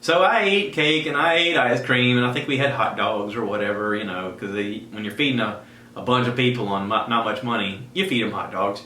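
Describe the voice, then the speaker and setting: A man with a drawl spins a personal story for his podcast, animated and quick to slip into the voices of the people he describes. His tone is bright and forceful. The sound is echoey, with a faint hum of ambience behind him. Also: medium pitch. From South Carolina. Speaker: podcast host.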